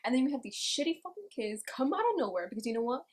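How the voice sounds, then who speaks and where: Profane, animated woman recapping anime. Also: high voice, racing. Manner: profane, animated storytelling with acted quotes. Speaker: anime reviewer. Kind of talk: casual episode recap.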